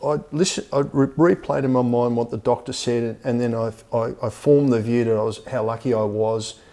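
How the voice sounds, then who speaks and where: An older man with an Australian accent tells long stories as a podcast guest, stumbling over his words and calling the host mate. His voice is mellow and dark. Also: medium pitch, steady tone, brisk. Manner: rambling, repeats words, often says mate. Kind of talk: storytelling in a casual interview.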